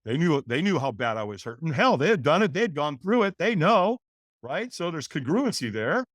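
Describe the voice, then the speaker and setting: A man in his sixties, a podcast guest, telling his life story in a lively way and acting out the voices of people in it. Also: fairly high pitch, moderate pace, no room sound, studio quality. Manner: animated, acts out voices in his stories. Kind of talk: storytelling interview.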